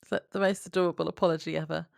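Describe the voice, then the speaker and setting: A woman co-hosting a podcast, recapping an episode in a relaxed way and laughing often. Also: fairly low pitch, very fast, vocal fry, dry recording, clean studio sound. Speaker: podcast co-host. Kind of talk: casual recap chat.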